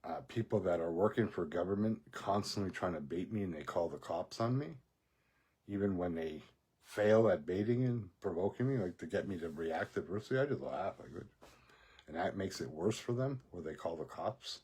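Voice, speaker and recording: Low husky-voiced rambling man. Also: lively intonation, moderate pace, a little mellow. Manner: profane, rambling, laughs often. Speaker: vlogger. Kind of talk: casual rambling monologue.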